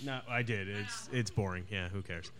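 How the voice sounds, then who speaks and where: A man's voice: on the low side, normal speed, a bit bright. A man co-hosting a podcast, talking enthusiastically and interrupting himself in casual chat. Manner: rambling, self-interrupting, enthusiastic. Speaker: podcast co-host.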